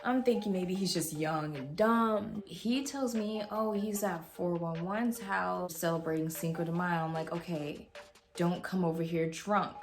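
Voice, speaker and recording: Young woman telling a wild story, swearing. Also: fairly low pitch. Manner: animated, swears freely, voices others in quotes. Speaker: storytime vlogger. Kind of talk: casual storytelling. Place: home room with a heater.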